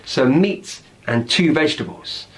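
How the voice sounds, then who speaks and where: A man's voice: mid-range voice, animated, a little slow, over a noisy crowd. A British man with a British accent, teaching slang words in an upbeat, explanatory way and often checking in with "right?". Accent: British English. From Britain.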